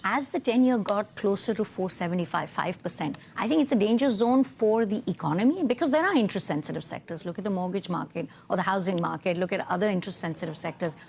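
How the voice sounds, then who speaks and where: Woman, analyst guest, measured delivery, financial news commentary. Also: medium pitch, animated, vocal fry, a little mellow, a little hiss or hum.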